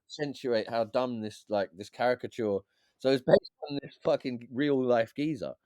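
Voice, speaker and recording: Animated man telling stories. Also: medium pitch, normal speed, no room sound, studio quality. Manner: animated, swears freely, acts out quotes. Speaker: podcast guest, DJ and beat maker. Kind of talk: casual storytelling chat.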